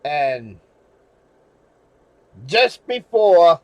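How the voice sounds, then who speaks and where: A man's voice: fairly high pitch, sing-song, extremely slow, a little mellow, no echo, lo-fi sound. A man from New England telling a personal story in a rambling way, with restarts and swearing. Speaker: channel host. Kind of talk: casual storytelling monologue.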